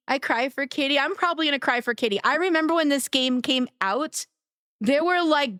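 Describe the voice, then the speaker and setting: A woman streamer chatting casually with her live chat, greeting viewers by name in an affectionate way, her voice a little raspy. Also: sits high, a bit bright, no room sound, studio quality. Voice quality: somewhat raspy today.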